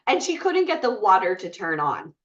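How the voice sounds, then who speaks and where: A woman's voice: mid-range voice, very animated, normal speed, distant mic, dull audio. A woman speaking to a live group, retelling a personal story in a chatty way with many fillers. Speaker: bootcamp speaker.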